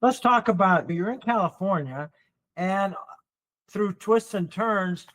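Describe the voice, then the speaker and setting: A man hosting a podcast, asking gentle personal questions and giving short affirmations. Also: sits high, animated, takes it slowly, rough recording. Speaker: podcast host. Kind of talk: interviewing.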